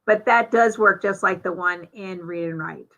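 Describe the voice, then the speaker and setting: A woman giving a live software demonstration, talking through each step in a chatty way with fillers. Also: on the low side, normal speed, dull audio. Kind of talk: live software demo walkthrough.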